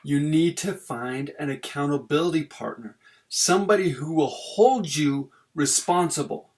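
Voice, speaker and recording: A man's voice: on the high side, unhurried. A middle-aged man, a family therapist, giving an earnest, conversational talk on parenting and leaning on repetition.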